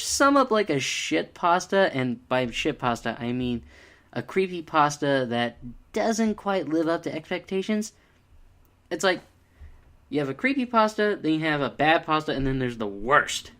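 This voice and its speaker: A young man giving a casual, exasperated video review, full of fillers like "uh" and "like.". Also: a little high. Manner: exasperated, animated, many fillers.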